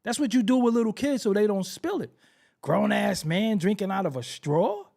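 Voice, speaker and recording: A man's voice: high voice, normal speed, vocal fry, a little mellow. A man hosting a hip-hop commentary show, ranting brashly with profanity and frequent laughter. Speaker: host.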